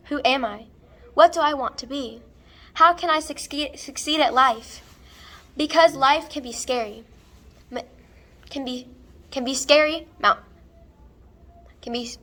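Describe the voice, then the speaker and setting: A woman's voice: high voice, sharp tone, full character voice. A young woman acting an over-the-top motivational speaker in a stage monologue, preachy and earnest. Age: young adult. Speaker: student actor.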